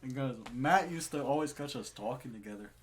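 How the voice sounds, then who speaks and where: A man's voice: medium pitch, fairly quick. A young man co-hosting a podcast, telling a story about his retail job in a casual, profane, laughing way. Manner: profane, laughing, animated retelling. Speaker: podcast co-host. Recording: faint background noise.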